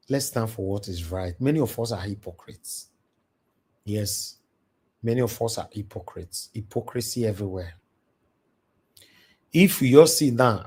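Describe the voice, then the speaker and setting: A man with a husky, slightly mellow mid-range voice preaches with passion on a livestream from his home. He has a Nigerian Pidgin English accent and moves into Pidgin as he lectures his viewers through a home livestream microphone.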